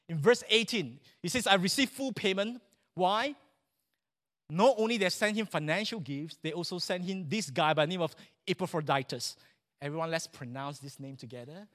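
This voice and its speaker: A man preaching a sermon in church, animated and joking with the congregation. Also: high voice. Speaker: pastor.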